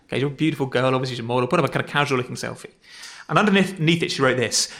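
A man's voice: mid-range voice, very fast, a bit bright. Man preaching conversationally. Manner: conversational, self-deprecating preaching with repetitions. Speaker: pastor. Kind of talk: sermon.

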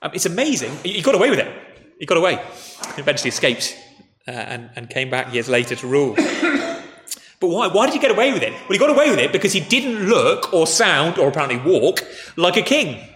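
Lightly high-voiced preacher in an echoey church. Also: male voice, big pitch swings, fast, fairly bright tone, slight background noise. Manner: storytelling, speaks directly to the congregation and the children. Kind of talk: conversational sermon. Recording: echoey church hall with long reverb.

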